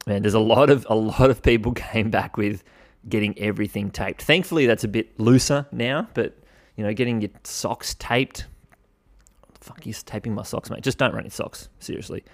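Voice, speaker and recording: A man's voice: fairly low pitch, moderate pace. A young Australian man hosting a podcast, talking casually and bluntly, swearing freely with mock exasperation. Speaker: podcast host. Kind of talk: casual solo commentary.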